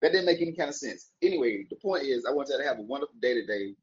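Speaking rapid-fire in an animated, mid-range voice, a man vlogs his daily encouragement in a muffled recording. His casual, motivational talk to camera wanders through jokes and wordplay while he wishes his viewers a good day.

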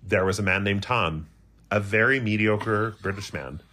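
A man's voice: on the low side, moderate pace, bright, forceful tone. A man co-hosting a casual comedy podcast, rambling and giggly, poking fun at himself. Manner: rambling, giggly, self-mocking. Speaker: podcast co-host.

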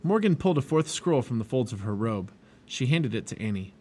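A man reading a children's storybook aloud in an expressive, lively way. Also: mid-range voice, brisk, slightly rough. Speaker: storybook reader.

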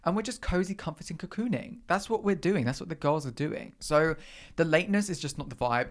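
A young man hosting a podcast, talking in a sassy, dramatic casual monologue with big pitch swings. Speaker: podcast host.

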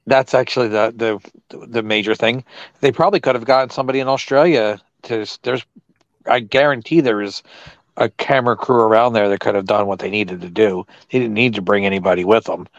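A man co-hosting a podcast in casual chat, wry and joking, quick with puns. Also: on the low side, fairly even intonation, no room sound. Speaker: podcast co-host. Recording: dull lo-fi sound.

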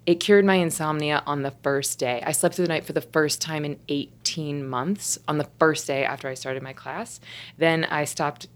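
A woman in her forties with a low voice chats as a guest on a talk show. She tells her stories with animation and frequent laughter. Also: moderate pace. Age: 40s. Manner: animated storyteller, laughs often. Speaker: guest, meditation teacher. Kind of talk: casual chat.

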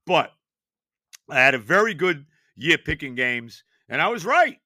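An older man hosts a sports podcast and talks in a bright, forceful tone that sits a little high for a man. He hammers his points home with rhetorical questions. The sound is dry and close, with little room around it. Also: unhurried, no room sound. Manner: animated, emphatic rhetorical questions. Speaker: podcast host. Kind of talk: casual sports talk.

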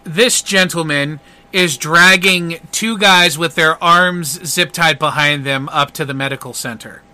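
A man runs a tabletop game as its game master, narrating in an animated way. His voice is high and very bright, with a forceful edge. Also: measured pace.

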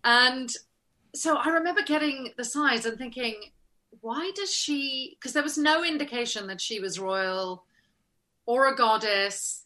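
Bright, animated woman telling stories. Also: fairly high pitch, moderate pace. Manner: animated, laughing storyteller who acts out remembered lines. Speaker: actress and interview guest. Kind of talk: casual interview storytelling.

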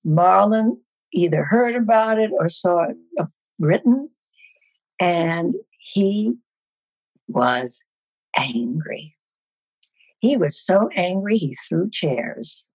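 A woman in her eighties, a guest on a talk show, telling a story from her past with wry, lively asides. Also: on the low side, slow pace, long pauses, no room sound, rough recording. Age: 80s. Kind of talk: casual storytelling chat.

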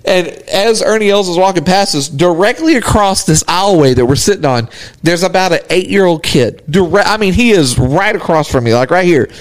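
A podcast co-host with a high voice and moderate pace tells a story during casual chat. He's animated, laughing hard as he goes and swearing freely.

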